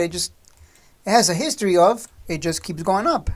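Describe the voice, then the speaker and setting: A woman's voice: fairly low pitch, animated, moderate pace. A woman hosting a stock trading channel, talking straight to the viewer in a blunt, scolding, sarcastic rant.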